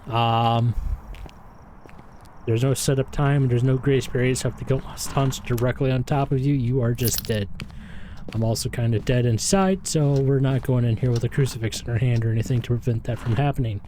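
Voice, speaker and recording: A slightly hoarse, out-of-breath man giving rambling, self-deprecating commentary while streaming a game. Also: mid-range voice, moderate pace, warm tone, slight background noise. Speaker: gaming streamer.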